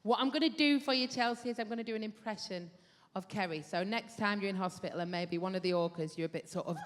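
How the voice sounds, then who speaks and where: A woman's voice: mid-range voice, fast. A woman comedian doing live stand-up, teasing and bantering with the audience in a brash way. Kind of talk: live stand-up with crowd work. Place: large live theatre venue. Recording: live hall reverb with audience. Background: audience laughter.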